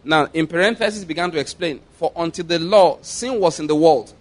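A middle-aged man preaching a sermon, reading scripture slowly and with heavy emphasis. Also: on the high side.

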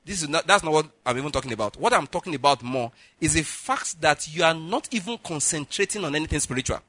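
A middle-aged man, a pastor preaching a sermon with lively acted-out stories, often saying "listen" and "all right". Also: a little high, quick pace, dry recording. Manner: lively, repeats "listen" and "all right", laughs at own jokes.

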